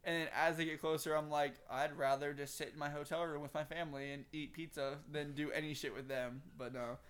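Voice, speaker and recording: A man's voice: fairly high pitch, level tone, a little fast, a bit bright. A young man from Texas with a Southern accent, telling a rambling story in casual chat, full of swearing and "like.". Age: young adult. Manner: rambling, heavy swearing, lots of "like".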